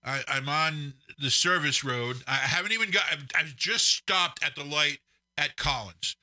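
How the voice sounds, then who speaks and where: A man's voice: on the high side, unhurried. A man in his forties, co-hosting a casual live stream and animatedly telling a story, acting out what people said. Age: 40s. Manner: animated storyteller, acts out quotes. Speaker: podcast co-host.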